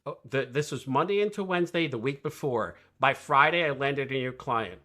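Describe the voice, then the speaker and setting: A man talking as a guest coach on a podcast, energetic and emphatic, asking rhetorical questions and often tagging "right?" onto his points. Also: mid-range voice, normal speed. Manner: rhetorical questions, animated storytelling. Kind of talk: podcast conversation.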